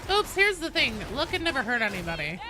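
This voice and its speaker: Chatty young woman streamer, lively voice. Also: high voice, fast talker, a crowd in the background. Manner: chatty, reads and answers chat, swears casually. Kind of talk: casual live-stream chat while gaming. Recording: steady background noise behind voice.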